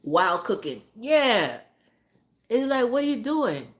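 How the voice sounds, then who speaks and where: A woman's voice: a little high, big pitch swings, slow, a little hiss or hum. A woman streamer telling a casual story, swearing freely and repeating phrases for emphasis. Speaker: live streamer.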